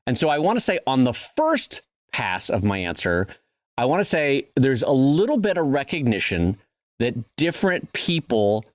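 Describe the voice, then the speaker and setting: Animated middle-aged male podcast co-host. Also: medium pitch, normal speed, no echo, studio quality. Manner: teasing, rambling, then explanatory. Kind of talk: casual podcast banter.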